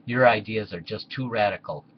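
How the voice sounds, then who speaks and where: A blunt, smug Roman governor, as a man reads him. The voice is low. The recording is dull and lo-fi with faint hiss. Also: moderate pace, lightly acted. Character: Pontius Pilate, scheming vain Roman man.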